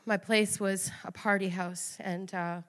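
A woman's voice: medium pitch, fairly even intonation, a little slow, fairly bright tone. Woman giving a raw, earnest testimony. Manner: earnest, confessional, raw emotion. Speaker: speaker giving a personal testimony. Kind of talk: emotional personal testimony. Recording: long hall reverb.

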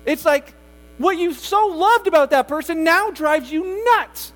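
A man's voice: very high voice, animated, a little slow, a bit bright. A man preaching a casual, conversational sermon as pastor, often acting out quoted voices.

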